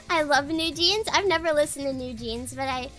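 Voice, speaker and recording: A woman's voice: high-pitched, lively intonation, a little slow, a bit bright, faint music behind. A young woman streamer in casual chat, rambling and giggling often as she talks.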